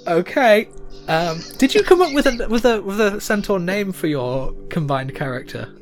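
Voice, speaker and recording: A man's voice: high-pitched, moderate pace, soft background music. A man running a tabletop game as game master, narrating with frequent laughter and small stumbles. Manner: laughing often, animated, with stumbles.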